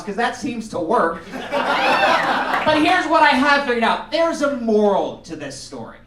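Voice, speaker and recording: A man's voice: high voice, noisy background. A man from the United States doing a stand-up comedy set, swearing freely and rambling, laughing at his own lines as he goes. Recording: roomy sound picked up from a distance.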